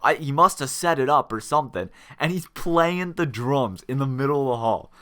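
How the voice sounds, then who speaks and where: Young guy, mid-pitched, animated storyteller, swears freely. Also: moderate pace. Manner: animated, swears freely, laughs while telling. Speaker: gaming channel host. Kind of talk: casual storytelling vlog.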